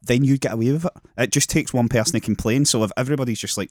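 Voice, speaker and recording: A man's voice: medium pitch, rapid-fire, no room sound, clean studio sound. A Scottish man making blunt, sweary points in a casual podcast chat.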